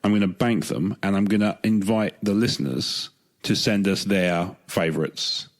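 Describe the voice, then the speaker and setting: A man with a very low voice co-hosts a casual podcast. He rambles, restarts his sentences and hedges as he thinks aloud. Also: normal speed. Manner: rambling, hesitant, restarts often. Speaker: podcast co-host.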